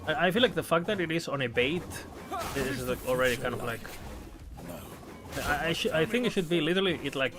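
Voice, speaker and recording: A man's voice: a little high, animated, fairly quick. A young man casually commentating his own game stream, often stammering and repeating words, swearing now and then.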